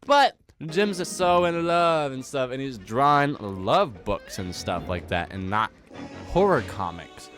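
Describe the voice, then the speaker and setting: A man's voice: mid-range voice, very animated, measured pace, fairly bright tone, faint music behind. A young man giving a casual, rambling, wisecracking recap commentary, full of slang. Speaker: commentary host.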